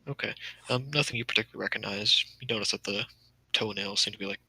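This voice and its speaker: A man's voice: fairly low pitch, quick pace, vocal fry, pushed and bright, husky, low-quality recording. A man narrating a tabletop game as game master, casual and hesitant.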